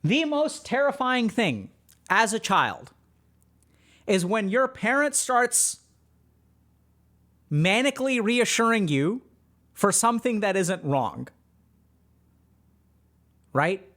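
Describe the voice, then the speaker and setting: This is a psychiatrist talking through a TV show for an online audience. The delivery is explanatory, and the speaker keeps turning to the viewers to check that they follow. The voice sits at a middle pitch. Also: big pitch swings, takes it slowly, pauses often, fairly bright tone. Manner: explanatory, addresses viewers directly. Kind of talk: reaction commentary on a TV show.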